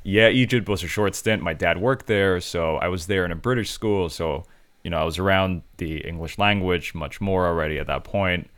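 A man from Austria, a guest comedian, telling his story calmly and measuredly over a video call, with frequent "you know". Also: sits low, moderate pace. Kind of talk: casual interview chat.

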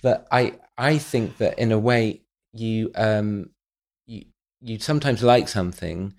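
A man as a podcast guest, hesitant and halting with many ums, with dry self-mocking humor. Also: fairly low pitch, darkish tone. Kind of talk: podcast conversation.

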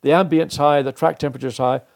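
Older male guest, animated storyteller, plays out the quotes. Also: a little high, fast talker, gravelly. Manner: animated, acts out quoted dialogue. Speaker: interview guest, former racing driver. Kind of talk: anecdotal storytelling.

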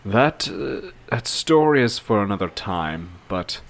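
Deep-voiced man narrating his character. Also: big pitch swings, measured pace, creaky, slight background noise. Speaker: player. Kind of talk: tabletop role-play.

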